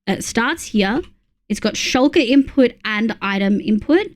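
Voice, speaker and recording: A chatty Australian woman talks through her live stream in a loose, rambling way. She often stops and restarts her sentences and fills pauses. Her voice sits a little high. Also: lively intonation. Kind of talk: casual live-stream commentary while gaming.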